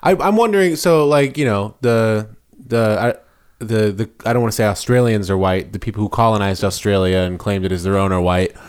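A man's voice: on the low side, a little fast, smooth. A man co-hosting a comedic podcast, rambling through tangents with frequent restarts and laughter. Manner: rambling, self-interrupting, laughs often. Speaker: podcast co-host. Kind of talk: casual comedic chat.

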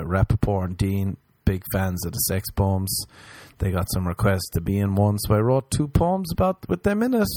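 A man's voice: darkish tone, no room sound. Crude joking man on a podcast. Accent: non-local, remarked on by others. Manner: crude joking, mimics others in high voices. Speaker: podcast host. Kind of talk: casual storytelling chat.

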